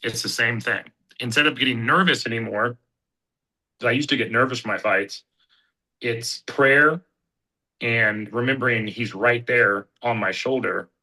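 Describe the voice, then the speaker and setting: Earnest man with a very bright, sharp voice. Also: mid-range voice, poor audio. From Kansas City, USA. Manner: earnest, heartfelt storytelling with halting restarts. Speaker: podcast guest, bare-knuckle fighter. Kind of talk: personal testimony in casual conversation.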